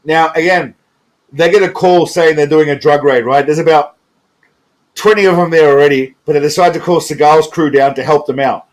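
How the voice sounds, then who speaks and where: A man's voice: a little high, fairly even intonation, normal speed. A man hosting a reaction video, giving loose casual commentary and swearing as he wanders off on tangents. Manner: rambling, profane, chuckling, goes off on tangents. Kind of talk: casual commentary over clips.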